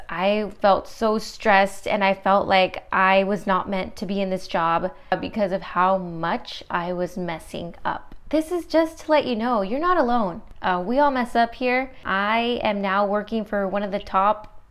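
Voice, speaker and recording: Chatty young woman with a smooth voice. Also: mid-range voice. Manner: chatty, animated, talks straight to viewers. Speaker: dental assistant vlogger. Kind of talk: casual storytelling vlog.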